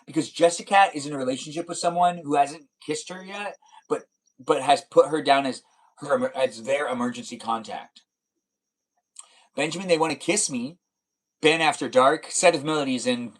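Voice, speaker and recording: A young man hosts a livestream, talking straight to viewers in a rambling, playful way. His voice sits a little high for a man. He reads out comments as they come in and teases the people who sent them. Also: normal speed. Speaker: livestream host. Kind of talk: casual livestream chat reading viewer comments.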